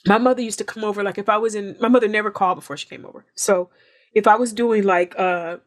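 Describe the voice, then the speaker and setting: A woman's voice: medium pitch, steady tone, fast. A woman guest on a podcast talking in an earnest, heartfelt way, stressing her points by repeating phrases. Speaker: guest actress.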